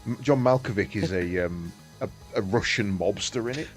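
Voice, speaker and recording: A man's voice: on the low side, normal speed, faint music behind. A man streaming a game, chatting casually, swearing and laughing often. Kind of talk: casual chat while gaming.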